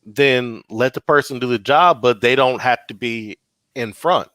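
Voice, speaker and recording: A man's voice: medium pitch, unhurried, pushed and bright, no echo. Man reasoning aloud in podcast chat. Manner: reasoning aloud with examples, conversational. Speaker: podcast co-host. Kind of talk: casual chat.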